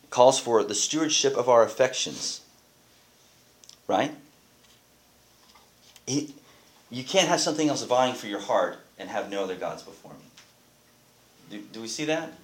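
A man, a pastor, teaching a Bible class in a conversational way and often asking the group questions. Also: mid-range voice.

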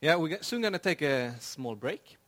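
A man's voice: fairly high pitch, lively intonation, moderate pace, a bit bright. A man hosting a live conversation, asking questions and making brief practical announcements. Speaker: event host.

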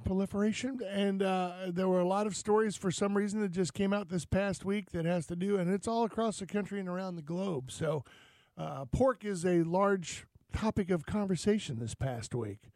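A man from Florida hosts a morning talk radio show, his voice sitting high for a man. He rambles through stories with plenty of fillers and jokes. The sound is close and dry, with no room around it. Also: normal speed, a little mellow, dry recording. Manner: rambling, joking, fillers between thoughts. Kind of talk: casual talk radio banter.

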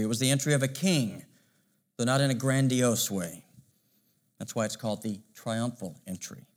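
A male pastor preaching a sermon, measured and emphatic, asking rhetorical questions. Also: mid-range voice.

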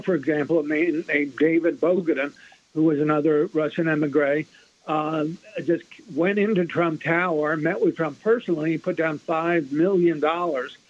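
Male author guest, slightly high voice, fast and emphatic, heard over dull radio audio. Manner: fast, restarts a lot, emphatic. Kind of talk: radio interview. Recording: muffled lo-fi radio broadcast.

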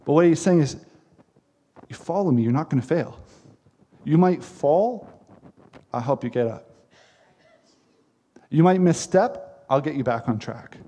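A man's voice: on the high side, lively intonation, unhurried, long pauses, mellow, breathy edge. A man preaching a sermon as pastor, earnest and emphatic, with repeated phrases.

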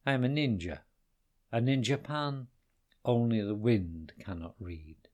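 A man doing a calm brave ninja. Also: mid-range voice, unhurried, close to an everyday voice. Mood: firm. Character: calm brave male ninja, firm and wry.

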